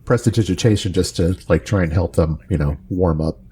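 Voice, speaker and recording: A man's voice: deep voice, brisk, warm tone, husky. A man taking his turn as a player, casually and hesitantly, with many fillers. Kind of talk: casual chat.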